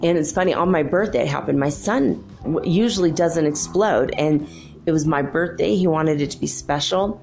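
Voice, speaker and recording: A woman's voice: deep voice, normal speed, vocal fry, darkish tone, faint music behind. A middle-aged woman hosting a spiritual podcast, chatting and rambling through stories and laughing often. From United States. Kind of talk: casual spiritual talk.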